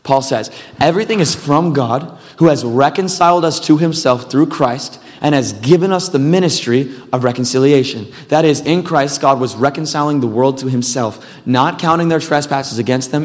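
A man preaching a sermon in a relaxed, conversational way. He wanders into self-deprecating asides and talks in a mid-range voice. The sound carries a long reverb from a church hall. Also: mid-range voice, moderate pace. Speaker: pastor.

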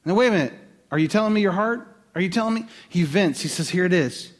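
A man preaching a sermon in a conversational, animated way, with quick asides to the listeners. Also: high-pitched. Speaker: pastor.

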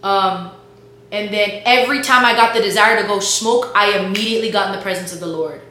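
A woman's voice: mid-range voice, fairly quick, pushed and bright. A young woman, a college student, casually telling a faith testimony in a chatty, slangy way, full of "like" and "bro". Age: young adult. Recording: very echoey room with faint hum.

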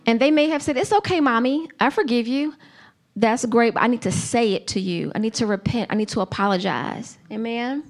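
A woman preaching a sermon to a congregation, earnest and emphatic, with slow, deliberate phrasing. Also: a little high.

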